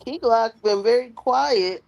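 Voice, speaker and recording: A woman's voice: fairly high pitch, slow, creaky, darkish tone, no room sound. A woman co-hosting a live stream, musing hesitantly over her opinions. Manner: musing, hesitant, lots of "I believe". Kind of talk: casual live-stream commentary. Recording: dull lo-fi remote audio.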